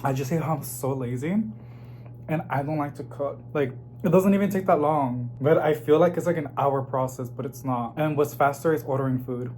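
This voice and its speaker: A man chatting casually to his viewers in a home vlog, excitable and talkative, calling them y'all. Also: a little high, brisk, a little hiss or hum. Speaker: plant vlogger. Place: home kitchen. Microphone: phone camera.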